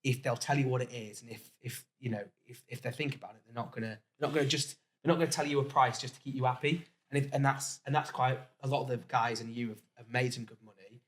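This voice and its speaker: A man who is a company managing director, chatting casually with his guest and chiming in with quick agreement. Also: mid-range voice, steady tone. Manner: quick, agreeable, chips in often. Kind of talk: casual interview chat.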